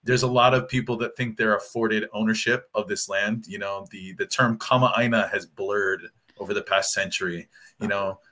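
A man from Hawaii with a Pidgin accent, a panel guest telling animated stories and acting out what people said. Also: lowish voice, moderate pace. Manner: animated storytelling with acted-out quotes. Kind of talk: casual panel discussion.

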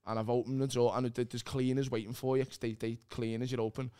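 A man's voice: medium pitch, flat delivery, mellow, clean tone. A man, a comedian guest telling sweary stories in casual podcast chat, stumbling over restarts and laughing as he goes. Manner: sweary storytelling, halting restarts, laughing often.

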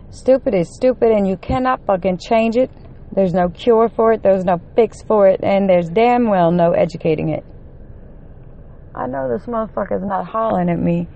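A woman giving an angry, profanity-filled rant to her camera, running on one hour of sleep and climbing to shouts when her temper peaks. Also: mid-range voice. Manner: heated, swearing constantly, rising to shouts. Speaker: vlogger.

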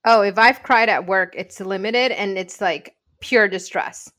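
A woman's voice: mid-range voice, measured pace, fairly bright tone. Woman, casual chat, thoughtful, reflective, agreeable. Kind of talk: casual conversation.

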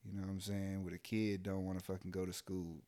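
A man's voice: deep voice, completely flat delivery, fast, dark tone. A young adult man, an army sergeant, venting bluntly and profanely in casual chat.

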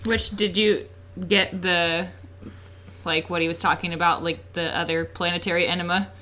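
A woman's voice: on the low side, flat delivery, moderate pace, pushed and bright. A woman co-hosting in casual chat, giggly and a little hesitant.

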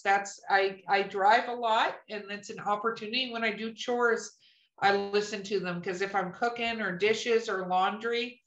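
A woman's voice: mid-range voice, a bit bright, muffled recording. A woman hosting a podcast, asking questions in an easygoing, agreeable way. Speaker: podcast host. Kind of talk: casual interview. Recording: roomy echo.

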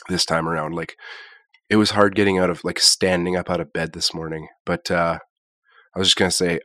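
A man with a very low, deep voice chatting casually on a podcast. He sounds congested and talks in a loose, rambling way, drifting from one thought to the next. The sound is close and dry, with no room around it. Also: fairly bright tone, dry recording. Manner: laid-back, rambling, drifts between thoughts. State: congested from illness. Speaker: podcast co-host. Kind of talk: casual chat.

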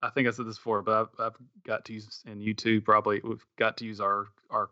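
A man's voice: fairly low pitch, little pitch movement, quick pace, bright, forceful tone, dry recording, muffled recording. A middle-aged man co-hosting a podcast, thinking aloud in casual chat, often restarting his sentences. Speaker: podcast co-host.

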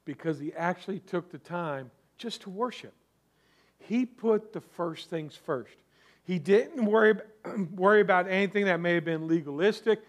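A man's voice: high-pitched, moderate pace. A man preaching a sermon as pastor, conversational, with restarts and asides to the congregation.

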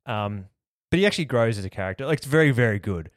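A man's voice: medium pitch, animated, quick pace, no echo, studio quality. An Australian man hosting a podcast, chatting casually and rambling with lots of filler words. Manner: rambling, lots of likes and you-knows. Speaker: podcast host. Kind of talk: casual chat.

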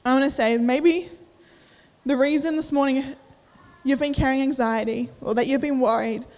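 A young woman with a bright, high voice preaches a sermon. She talks casually and with feeling, full of fillers and restarts, and her voice rings in a long reverb. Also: steady tone, moderate pace. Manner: casual, emotional, uses many fillers. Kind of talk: sermon with personal story.

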